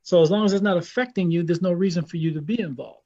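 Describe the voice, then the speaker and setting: A man's voice: high-pitched, quick pace, darkish tone, dull audio. A man with an American accent, a guest Islamic scholar speaking in an impassioned, blunt way and repeating himself for emphasis. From United States. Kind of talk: impassioned interview talk.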